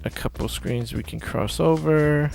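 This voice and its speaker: A man's voice: a little high, unhurried, gravelly, darkish tone. A man giving casual, offhand commentary on a video game demo, often correcting himself mid-sentence. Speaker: gameplay commentator. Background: faint game music.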